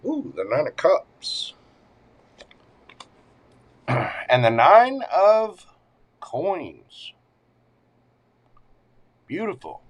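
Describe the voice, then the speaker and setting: A man's voice: drawn-out words, pauses often. A man reading tarot cards on a livestream in a chatty way. He greets viewers with pet names, and his voice swings up and down as he talks. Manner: animated, swings up and down in pitch and loudness. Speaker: tarot reader hosting a livestream.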